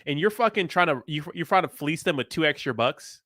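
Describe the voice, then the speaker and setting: A man's voice: on the high side, lively intonation, fairly quick, sharp tone, no echo, studio quality. A male host reacting to a clip in blunt, casual commentary and swearing freely.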